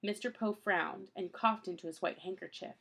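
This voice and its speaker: Gravelly woman reading a storybook. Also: mid-range voice, moderate pace, fairly bright tone. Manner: plain storytelling with small slips. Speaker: audiobook reader. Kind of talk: reading a children's novel aloud.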